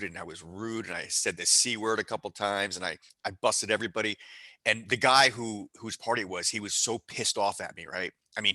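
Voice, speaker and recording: A man hosting a casual podcast, telling a brash story quickly. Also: fairly low pitch, sharp tone, no echo. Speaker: podcast host.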